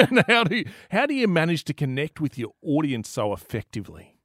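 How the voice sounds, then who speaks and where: A man's voice: a little high, wildly swooping pitch, a little fast, fairly bright tone. A man hosting a casual chat interview podcast, laughing often and stumbling over his words. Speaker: podcast host.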